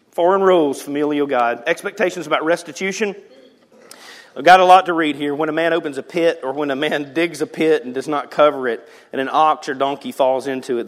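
A man's voice: a little high, big-room sound. A man in his forties from the South, preaching a sermon and telling a family story with laughter and acted-out voices. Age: 40s. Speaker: pastor. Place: church sanctuary.

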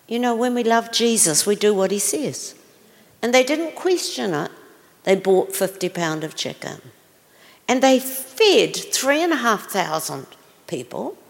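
Woman preacher with a gravelly voice. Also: mid-range voice. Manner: exclaiming, questions the audience. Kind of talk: sermon storytelling. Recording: long reverb of a large hall.

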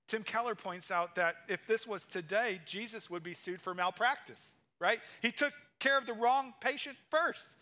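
A man's voice: high-pitched, bright, forceful tone. A young man preaching a sermon in a conversational way, walking through a passage and acting out the quotes. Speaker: pastor.

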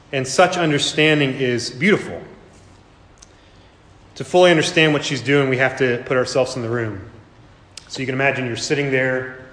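This sermon comes from a male pastor whose voice is fairly high and fairly bright. He narrates the scene vividly and performs pieces of it, his words echoing around the church.

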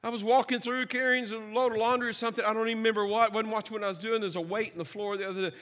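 A middle-aged pastor preaches with a notably high, bright voice, mixing humor and stories into his sermon. He checks in with his listeners as he goes. His voice rings out through a long, reverberant church hall. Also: steady tone, racing. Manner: humorous storytelling with asides to the congregation.

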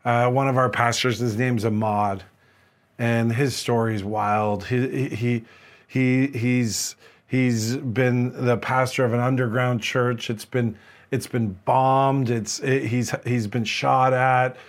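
A man's voice: mid-range voice, steady tone, slow. Earnest male pastor preaching. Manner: earnest, many restarts and repeated words. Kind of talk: sermon with personal story.

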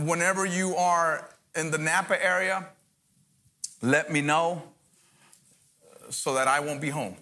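A man's voice: a little high, background noise. A man, a guest pastor, mixing joking asides with fervent preaching in a church sermon.

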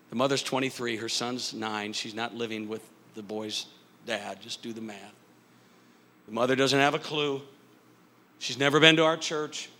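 A middle-aged pastor preaching a sermon in a church, building to loud shouted peaks. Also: male voice, medium pitch, slight background noise. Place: church sanctuary.

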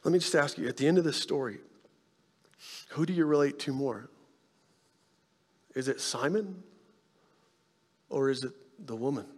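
Man, pastor, sermon, animated then hushed, echoing church hall. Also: mid-range voice, moderate pace, long pauses. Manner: animated storytelling, drops to soft hushed tones for emphasis.

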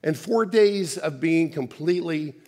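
A man preaching a conversational sermon, often restarting words and dropping soft for emphasis. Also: a little high, animated, a little slow, big-room sound.

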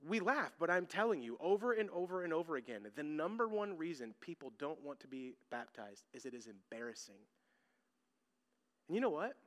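Bright-voiced pastor preaching in a reverberant hall. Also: male voice, fairly high pitch, big pitch swings, brisk. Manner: storytelling, swings from loud emphasis to hushed asides. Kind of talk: sermon.

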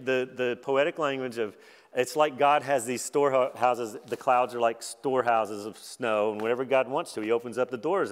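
A man preaching at a conference in a relaxed, conversational way, poking fun at himself. His voice sits at an ordinary middle pitch. The sound carries a long reverb from a big hall. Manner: conversational, self-deprecating preaching with laughs. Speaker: conference speaker. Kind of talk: sermon.

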